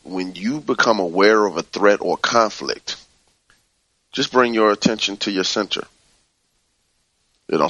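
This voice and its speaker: Brief: low-voiced male teacher, calm and unhurried, dry close sound. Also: no echo. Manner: slow, calm, repeats soothing phrases. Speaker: teacher leading a book study. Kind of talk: spiritual teaching, reading from a book.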